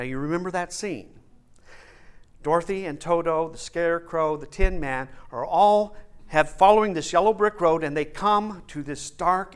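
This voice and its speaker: A male minister preaching a sermon who speaks deliberately and repeats his key phrases for emphasis. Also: a little high.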